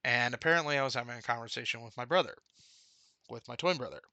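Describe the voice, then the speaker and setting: Bright-voiced man in a candid vlog. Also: mid-range voice, quick pace, no room sound. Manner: candid and rambling, recounting a dream. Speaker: vlogger. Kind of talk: personal video update.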